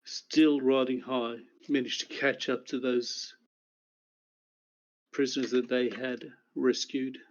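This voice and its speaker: Male game master, unhurried even recap narration, flat intonation. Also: medium pitch, lo-fi sound. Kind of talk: recapping a tabletop game session.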